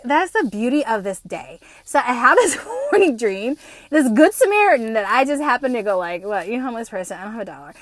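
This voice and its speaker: A woman's voice: sits high, dry recording. A woman in her fifties hosting her own podcast, telling a rambling story with lots of swearing and acted-out dialogue. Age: 50s. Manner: swearing, animated, acts out her own and others' lines. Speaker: podcast host. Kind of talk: casual storytelling monologue.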